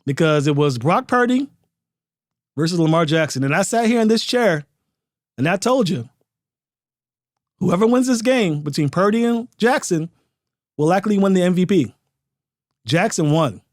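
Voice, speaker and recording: A man with a somewhat high voice delivers opinionated football commentary, punching his points with emphasis and rhetorical questions. The sound is dry and close, with no room around it. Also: animated, normal speed, long pauses, no room sound. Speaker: sports podcast host.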